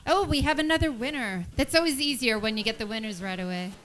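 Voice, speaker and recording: A woman's voice: on the high side, quick pace, fairly bright tone. A woman making friendly announcements at a live event and reading out raffle numbers and prizes.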